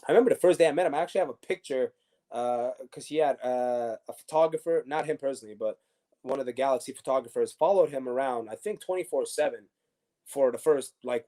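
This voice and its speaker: Mellow-voiced man telling stories, animated. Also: mid-range voice. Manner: animated, many restarts and fillers. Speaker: former pro soccer defender, guest. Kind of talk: casual interview storytelling.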